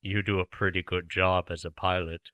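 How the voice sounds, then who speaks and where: A man voicing a gloomy male villain in a deep, flat monotone for a comedy podcast parody. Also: moderate pace, clear, resonant tone, dry recording, muffled recording. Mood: deadpan menace.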